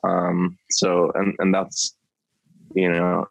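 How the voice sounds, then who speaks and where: A man appearing as a guest on a casual podcast, talking in a laid-back, unhurried way. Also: low voice, monotone, gravelly, dry recording, poor audio.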